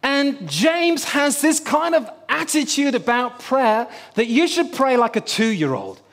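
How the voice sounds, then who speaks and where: A middle-aged man preaching a sermon and telling a personal story with humor. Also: very high-pitched.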